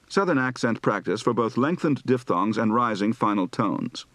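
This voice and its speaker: Man drilling Southern accents, lively pitch. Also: no echo. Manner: slow, deliberate repetition of word lists and sentences; switches between regional Southern US accents. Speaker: actor practicing accents.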